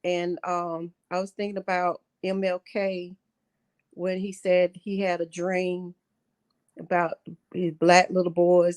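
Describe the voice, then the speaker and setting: A middle-aged woman calling in to a livestream talk show, speaking earnestly and haltingly, often repeating herself. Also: fairly low pitch, darkish tone. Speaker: caller.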